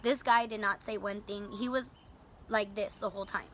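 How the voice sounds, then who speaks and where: A young woman telling a rideshare story in a casual vlog, animated and profane, acting out her own and her passenger's lines. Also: medium pitch, moderate pace, background noise.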